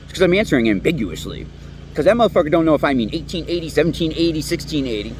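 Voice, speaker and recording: A man's voice: fairly high pitch, big pitch swings, racing, darkish tone, slight background noise. A man in his late thirties giving a profane, rambling, heated monologue outdoors. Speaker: vlogger. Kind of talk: ranting monologue. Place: outdoors near woods.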